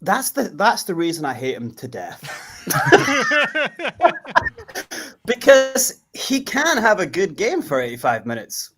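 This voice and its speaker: A man talking as a fan guest on a video call, casual and energetic, laughing often. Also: high voice, takes it slowly, long pauses. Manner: laughing, energetic, breaks into loud chant-singing. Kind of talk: casual chat.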